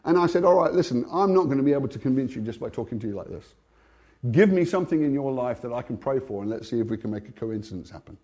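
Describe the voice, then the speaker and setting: A British man giving a testimony sermon, storytelling with energy and laughing often, swinging between hushed and loud. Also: medium pitch, expressive, fast. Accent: British English. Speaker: Christian speaker.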